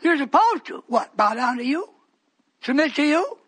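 A male preacher giving a fiery sermon, repeating phrases for emphasis and swinging between shouts and hushed whispers. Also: very high-pitched, big pitch swings, normal speed.

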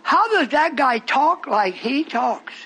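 A male preacher delivering a fiery sermon, swinging from low murmurs to high shouted preaching. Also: very animated, slow pace, low-quality recording.

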